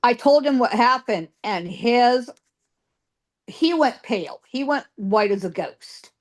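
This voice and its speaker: A woman's voice: a little high, animated, takes it slowly. A woman guest psychic telling ghost stories in an interview, emphatic, piling up repeated words for stress.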